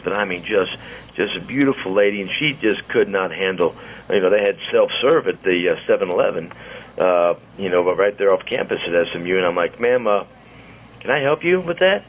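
A low-voiced man in his sixties from St. Louis hosts a radio talk show, chatting casually and telling loose, rambling stories full of quick asides. The studio audio is somewhat muffled, with a faint hiss in the background.

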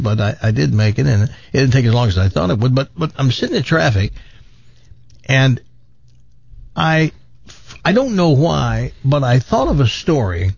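A man's voice: mid-range voice, vocal fry, breathy edge, no room sound. Chatty guy hosting a talk show, rambly, lots of restarts, muffled dry mic. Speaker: host. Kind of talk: casual talk show monologue.

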